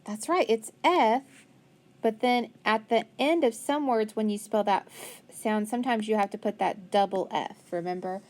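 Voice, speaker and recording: Her voice is fairly high and a little mellow, moving at a moderate pace, as she leads a phonics lesson for young children. The teacher asks questions, answers them, praises the pupils' responses, and patiently spells out words one letter at a time.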